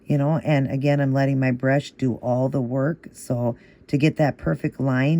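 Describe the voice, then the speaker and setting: At a medium pitch and moderate pace, with hardly any pauses, a man talks viewers through nail art step by step in a relaxed manner. His voice is gravelly and mellow, and he steadily repeats each move while offering encouragement.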